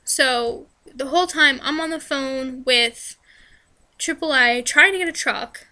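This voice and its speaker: A young female vlogger from New Jersey chats to her camera at a measured pace in a high, bright, sharp voice, which sounds a little hoarse and strained. In this casual Q&A storytelling, she rambles with lots of fillers, restarts, and "like."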